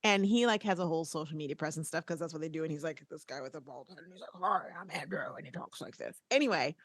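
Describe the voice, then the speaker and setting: A playful, talkative woman co-hosting a podcast, with a light lilt. Her voice sits low and sounds close and dry, with no room around it. She chats loosely and slips into quoted voices along the way. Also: rapid-fire, no room sound. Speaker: podcast co-host. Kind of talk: casual podcast chat.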